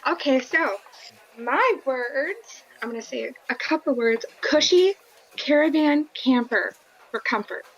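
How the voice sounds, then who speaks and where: A woman's voice: high voice, animated, measured pace, a bit bright, muffled recording. A woman, a podcast guest, chatting in an enthusiastic, giggly way. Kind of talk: casual chat.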